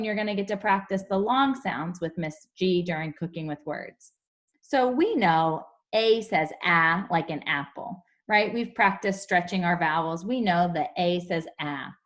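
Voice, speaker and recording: On a video call, a young woman teaches phonics to small children in an online class. Her slightly low voice explains each sound slowly and clearly, with a patient teacher's manner.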